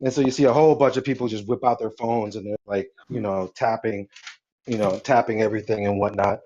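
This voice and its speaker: A man's voice: fairly low pitch, fairly even intonation, a little fast, darkish tone, dull audio, a little hiss or hum. A man narrating a tabletop game as game master, loose and rambling with lots of fillers.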